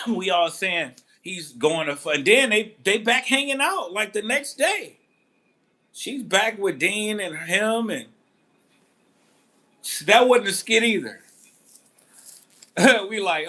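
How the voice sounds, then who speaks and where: Bright-voiced man telling a story casually. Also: sits high, takes it slowly, long pauses. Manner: animated storytelling, acting out quotes; laid-back, laughing. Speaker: boxing channel host. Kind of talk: casual commentary.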